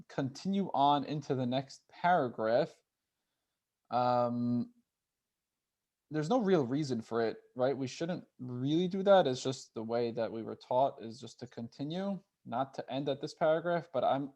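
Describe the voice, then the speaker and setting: A man's voice: mid-range voice, darkish tone, dull audio. Guy teaching a youth class, talky, keeps saying right? to check in. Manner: conversational, often checks in with "right?"; reads Hebrew text slowly with the group.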